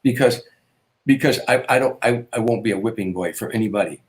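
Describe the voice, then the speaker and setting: An older man, a comedian, telling anecdotes in an interview, with repetitions and quick restarts. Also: lowish voice. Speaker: guest comedian. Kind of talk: storytelling interview.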